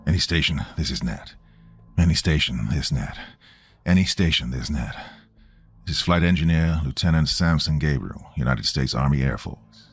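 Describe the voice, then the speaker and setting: A tired, blunt wartime airman lieutenant, put on by a man in a curt, clipped way. His voice sits very deep, with soft music faintly under it. He sounds worn out and short on patience. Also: expressive, normal speed, slightly rough, no echo, exaggerated voice. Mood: terse. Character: gruff American airman lieutenant, weary and blunt.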